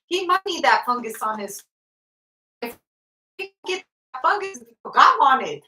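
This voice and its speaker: A woman's voice: sits high, lively intonation, a little slow, pauses often, pushed and bright. A woman giving a casual tarot reading, blunt and profane, often breaking into laughter. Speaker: tarot reader. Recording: roomy sound from off the mic.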